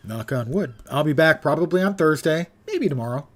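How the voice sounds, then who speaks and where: A man's voice: on the high side, expressive, brisk, fairly bright tone. An older man giving wry, rambling live-stream commentary on a game, swearing casually and saying he is losing his voice.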